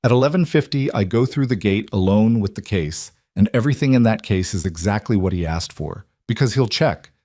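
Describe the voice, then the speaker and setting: A man voicing a steely, decisive crime boss, giving firm, measured orders in an audiobook-style story. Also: lowish voice, animated, dark tone, dry recording, clean studio sound. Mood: commanding. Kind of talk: audiobook character voice.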